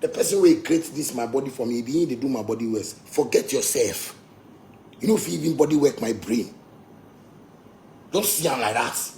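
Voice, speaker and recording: A man's voice: mid-range voice, lively intonation, normal speed, long pauses, mellow, a little hiss or hum. A man with a Ghanaian accent, a musician ranting boastfully and with swearing, slipping into Pidgin. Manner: boastful, profane, mixes Pidgin. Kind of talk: heated rant.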